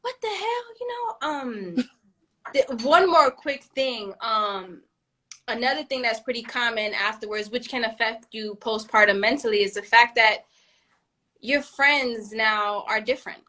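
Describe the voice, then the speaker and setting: Young woman co-host, high bright voice, quick to laugh and curse. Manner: lively, laughing, profane venting. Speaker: podcast co-host. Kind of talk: casual chat.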